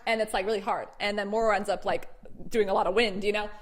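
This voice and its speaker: A young woman recapping a cartoon to a friend in casual chat, excitable and giggly, swearing casually. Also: mid-range voice, quick pace. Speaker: storyteller to a friend.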